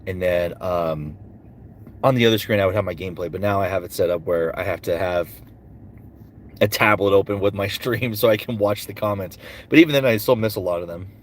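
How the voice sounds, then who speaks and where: Speaking briskly in a deep voice, this male voice actor and streamer reads out chat comments and responds to them in a laid-back livestream Q&A packed with fillers.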